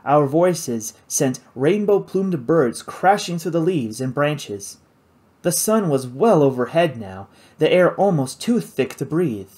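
A man narrating an adventure novel in the first person, with an expressive storytelling delivery. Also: on the high side, takes it slowly. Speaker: audiobook narrator.

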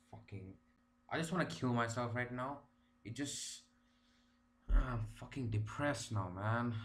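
A man's voice: medium pitch, sharp tone. A man ranting casually in a gaming vlog, exasperated and profane, with many restarts. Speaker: gaming vlogger.

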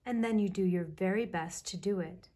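A woman voicing a patient mother bear in a children's storybook reading, calm and reassuring as she kindly explains things, with a breathy voice. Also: mid-range voice, normal speed, lightly acted. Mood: gentle, reassuring.

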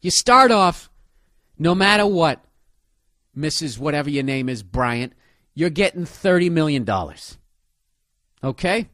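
A man's voice: fairly high pitch, fairly bright tone, no echo, clean studio sound. A man comedian delivering a profane, sarcastic rant in a casual monologue style. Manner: ranting, sarcastic, heavy swearing.

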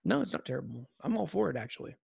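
High-voiced joking male podcast host. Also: big pitch swings, very fast, gravelly, warm tone, breathy edge. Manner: rambling, joking, with many restarts and "like" fillers. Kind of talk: casual podcast chat.

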